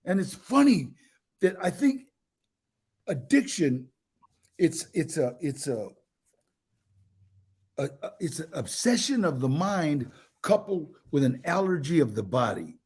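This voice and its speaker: An older man telling his own life stories in a casual interview, animated, with many restarts and acted-out quotes. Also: fairly high pitch, a little slow, pauses often, husky. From United States.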